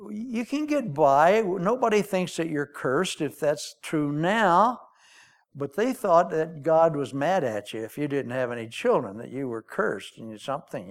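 Slow, folksy preaching man. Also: fairly high pitch, gravelly. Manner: storytelling, folksy, jokey. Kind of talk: sermon.

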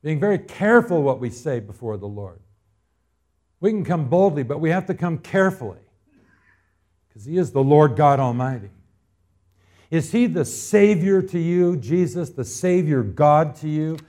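Folksy preaching man, fairly high voice. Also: expressive, moderate pace, long pauses. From Arizona, US. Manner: folksy storytelling that builds to loud emphatic preaching. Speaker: pastor. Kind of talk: sermon.

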